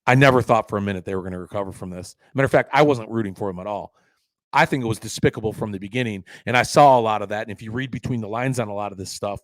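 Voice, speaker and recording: A man's voice: fairly low pitch, no room sound, rough recording. Indignant man ranting on a podcast. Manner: indignant, sarcastic, swears freely, swings between loud outbursts and mutters. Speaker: podcast host. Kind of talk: opinionated solo podcast rant.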